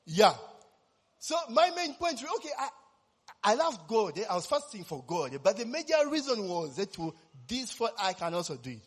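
A man's voice: high voice, very animated, fairly quick, breathy edge, long reverb tail. A man, preaching a sermon as personal testimony, telling his story animatedly and constantly tossing in tag questions.

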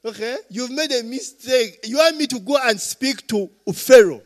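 A man preaching a sermon, quizzing listeners with call-and-response questions and swinging between loud and soft. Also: very high voice, moderate pace. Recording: long reverb of a hall.

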